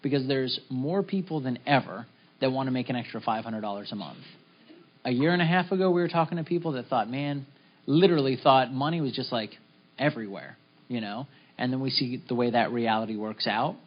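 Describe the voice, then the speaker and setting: A man's voice: mid-range voice, a little fast. A middle-aged man giving a casual, upbeat motivational talk to his business team, acting out little conversations as he goes. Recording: slightly dull lo-fi recording.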